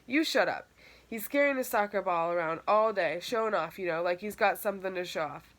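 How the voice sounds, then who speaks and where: A woman voicing a defiant, quick-tempered teenage boy in an audiobook, talking in snappy, defensive street talk. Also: mid-range voice, a bit bright, close to an everyday voice.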